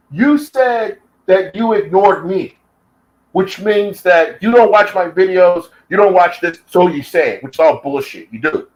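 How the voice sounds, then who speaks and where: American guy going off in a rant, swearing a lot, kinda high-pitched voice. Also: lively intonation, measured pace, highs cut off. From United States. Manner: heated, profane, combative. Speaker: YouTube commentator. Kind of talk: angry reaction rant.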